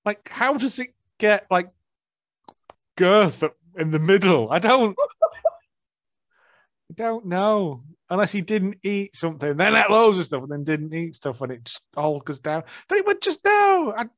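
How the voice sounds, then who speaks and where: A man's voice: high voice, unhurried, dry recording, dull audio. A man co-hosting a casual podcast, teasing his partner and laughing often. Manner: teasing, laughs a lot, lively. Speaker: podcast co-host. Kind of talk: casual chat.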